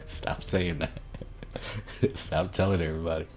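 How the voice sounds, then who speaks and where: Male streamer, deep and unhurried, laid-back rambling chat with frequent chuckles. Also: fairly even intonation, darkish tone. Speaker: gaming livestreamer. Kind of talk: casual chat reading out viewer comments.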